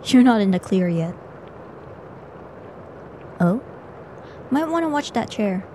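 A woman playing a slow, dry, teasing time-looped friend. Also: medium pitch, very animated, heavy background noise. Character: weary, teasing young woman friend stuck in a time loop. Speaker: audio role-play performer. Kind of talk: scripted audio role-play.

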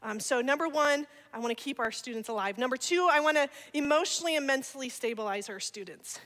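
Bright-voiced woman speaking in a church. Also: high voice, quick pace. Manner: energetic, laughing, playful asides. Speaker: guest speaker. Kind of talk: church talk with testimony. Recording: long church hall reverb.

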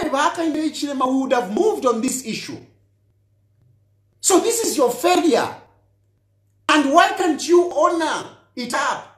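A man's voice: extremely high pitch, echoey room. A man, a politician, gives a heated, accusatory monologue straight at his listener and hammers his points by repeating them. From Zambia. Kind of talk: impassioned direct-address monologue.

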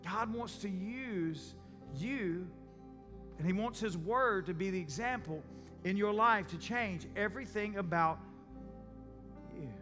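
A pastor with a high voice preaches slowly, leaving long pauses, as he tells stories conversationally and acts out the people in them. He is an adult and a parent, speaking in a church sanctuary with long church reverb and faint music.

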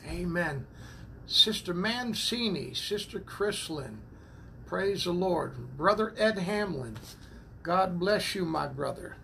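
Slow gravelly man greeting viewers. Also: sits high, expressive, bright, forceful tone, a little hiss or hum. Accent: New England. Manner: slow, repeats praise the Lord and amen between names. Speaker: church minister greeting online viewers. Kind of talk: casual livestream greeting. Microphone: phone propped up.

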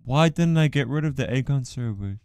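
A man streams a game live, bantering casually and playfully teasing his co-host, mostly drowsy and mumbling until he bursts into loud, excited outbursts. His voice is medium-pitched, brisk, and smooth, with no room sound.

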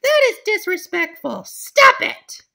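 A woman voicing a little girl bear cub, whiny, very high, lively pitch, cartoon. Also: full character voice. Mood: upset. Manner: whiny, pleading, quick to cry out.

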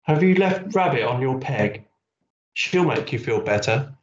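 A man voicing a gentle woman schoolteacher in a storybook read-aloud. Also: mid-range voice, animated, a little slow, natural voice. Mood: concerned. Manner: gentle, concerned questioning. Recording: echoey, dull school hall recording.

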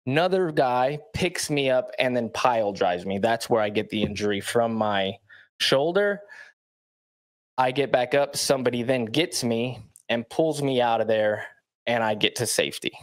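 A man's voice: mid-range voice, animated, moderate pace. A man, a professional athlete, telling a story bluntly in short emphatic sentences, often checking in with the listener. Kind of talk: storytelling in a played clip.

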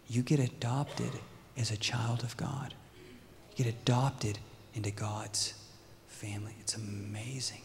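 Animated male pastor in a reverberant hall. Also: mid-range voice, a little hiss or hum. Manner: animated, asks the crowd questions. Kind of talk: sermon.

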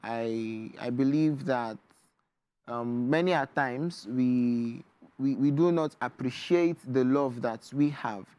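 A man's voice: mid-range voice, takes it slowly, darkish tone, no room sound, dull audio. A man with a Nigerian English accent, a poet and author speaking as a guest in a TV studio interview. He talks in an earnest, reflective way, with many fillers. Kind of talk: studio interview, reading his poetry.

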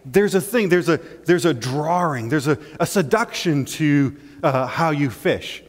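A male pastor preaching a sermon in an animated way, acting out little scenes and often checking in with "right?". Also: on the high side, a little slow. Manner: animated, acts out scenes, keeps asking "right?". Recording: long church-hall reverb.

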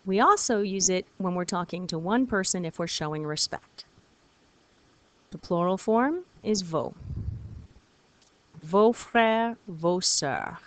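A woman with a lowish voice teaches French in a recorded video lesson. She's patient and encouraging, repeating words slowly for her students.

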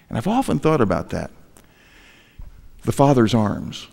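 Preaching man with lively pitch, hall reverb. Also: unhurried, creaky. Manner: storytelling with self-deprecating humor and rhetorical questions. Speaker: pastor. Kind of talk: sermon. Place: large church hall.

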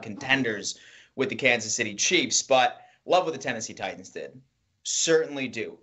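A man co-hosting a sports show, giving measured, emphatic football analysis. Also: mid-range voice, a bit bright. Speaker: sports podcast co-host.

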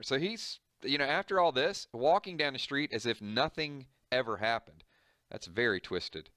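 A man's voice: mid-range voice, lively intonation, moderate pace, bright, forceful tone, no room sound, studio quality. A man reading a comic book aloud and explaining it, moving from the panels to casual, serious commentary.

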